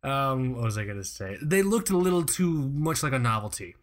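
A man co-hosting a relaxed podcast, talking in loose, profane banter. His voice sits at an ordinary middle pitch. He laughs easily and rambles through his thoughts. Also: brisk. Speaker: podcast co-host. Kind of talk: casual chat.

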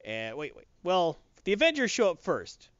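A man casually recapping a comic book story on a podcast, acting out the characters' lines in quick voices. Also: high voice, wildly swooping pitch, dry recording. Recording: dull lo-fi dry recording.

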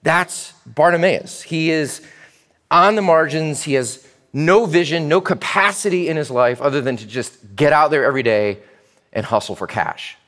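A man preaching a sermon in church as pastor, animated and speaking directly to the children. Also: on the high side, normal speed, in a large hall.

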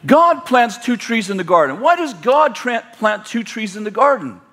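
A male pastor with a notably high voice, delivering a sermon in a loose, rambling way. He trips over his own phrases and restarts them. He also prompts the congregation to repeat key words back to him. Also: big pitch swings, moderate pace, bright, forceful tone. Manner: rambling, self-correcting, leads the congregation in call-and-response.

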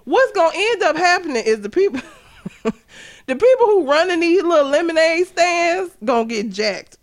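A woman's voice: very high voice, big pitch swings, moderate pace. A young adult woman co-hosting a casual comedy podcast, blunt and profane, laughing often as she rants. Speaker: podcast co-host.

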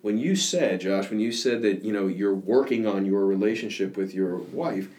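A man's voice: lowish voice, normal speed, a little mellow. A man in his thirties, a father and fire captain, telling emotional stories in an earnest podcast conversation. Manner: emotional, earnest storytelling with laughs.

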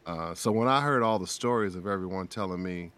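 A man's voice: low-pitched, brisk. A man guest on a podcast, telling an emotional story in a casual chat, acting out the quotes as he goes. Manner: emotional, animated retelling with acted quotes.

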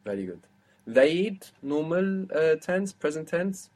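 A man's voice: a little high, sing-song, measured pace, a little mellow. A man teaching a language lesson, explaining step by step and prompting his student.

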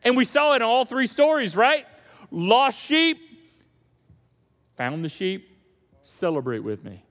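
A man preaching a sermon in a conversational, animated storytelling manner. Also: very high voice, slow pace, pauses often, in a large hall. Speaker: pastor. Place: church auditorium.

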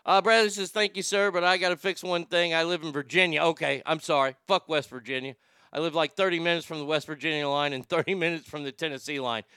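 Brash, bright-voiced radio host man. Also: fairly high pitch, steady tone, fast, clear, resonant tone, no room sound, clean studio sound. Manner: brash, profane, jokey, stammers and restarts. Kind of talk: casual morning show chat, reading listener messages.

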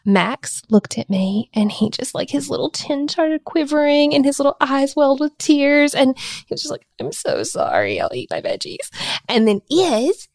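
A woman in her thirties co-hosting a parenting podcast, telling stories with animated, expressive delivery. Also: a little high, creaky, no echo, clean studio sound. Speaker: regular podcast co-host. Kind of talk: casual parenting chat.

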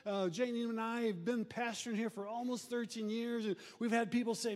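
A middle-aged male pastor preaching a conversational sermon, animated and acting out church members. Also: very high voice, fairly quick, hardly any pauses. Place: church sanctuary. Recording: long reverb of a church hall.

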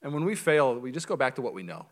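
A male pastor preaching a sermon in a church, animated and joking, with quick asides. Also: mid-range voice.

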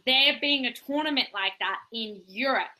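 A woman's voice: fairly high pitch, normal speed, background noise. A woman, co-hosting a podcast in casual, rambling chat. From Australia. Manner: chatty, rambling, lots of "like". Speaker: podcast co-host.

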